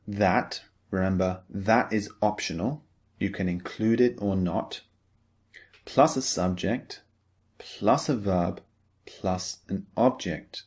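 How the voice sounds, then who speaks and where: A man teaching English in a recorded lecture, explaining slowly and patiently, step by step. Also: on the low side.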